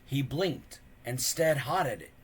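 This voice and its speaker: A man reading a children's book aloud with expressive, unhurried storytelling. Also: medium pitch, slight background noise. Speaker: reader.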